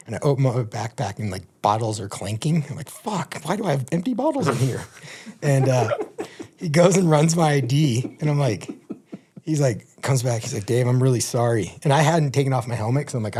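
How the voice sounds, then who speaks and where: Animated man telling a profane story. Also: mid-range voice. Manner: animated, profane, acts out quotes in a raised voice. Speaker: podcast guest. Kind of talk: casual storytelling.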